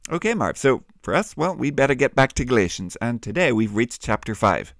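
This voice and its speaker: A man hosting a children's Bible podcast, with a warm, teacherly and lively way of talking. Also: medium pitch, brisk, dry recording, clean studio sound. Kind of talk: friendly kids' Bible podcast.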